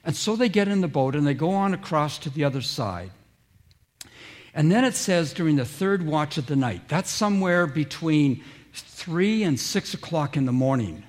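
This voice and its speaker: A man with a somewhat high-pitched voice preaching a sermon. He tells stories with plenty of questions to the congregation and slips into quoted voices as he goes. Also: expressive, normal speed. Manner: storytelling, acting out quoted voices, drawing listeners in with questions. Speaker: pastor.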